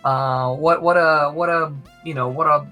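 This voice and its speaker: A man's voice: fairly high pitch, moderate pace, soft background music. A man being interviewed about his years as a comics editor, telling anecdotes and acting out the people he quotes, often checking in with "right?". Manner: animated, acts out quoted voices, tag questions "right?". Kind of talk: storytelling interview chat.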